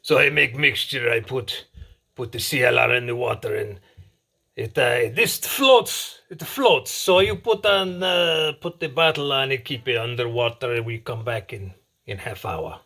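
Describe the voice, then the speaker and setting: A man demonstrating a home repair in casual, halting broken English, restarting and repeating himself often. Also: mid-range voice, creaky, pushed and bright.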